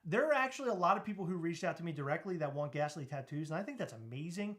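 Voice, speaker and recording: A man's voice: fairly high pitch, lively intonation, very fast, fairly bright tone. A man co-hosting a live podcast stream, reading chat comments aloud and laughing easily in loose, casual talk that swears freely. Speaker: podcast co-host.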